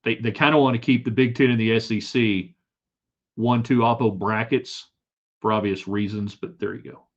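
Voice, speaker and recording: A man's voice: mid-range voice, steady tone, normal speed. A man hosting a live sports talk show, chatting casually and joking as he reads viewer comments. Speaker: sports talk show host reading chat. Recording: slightly dull lo-fi sound.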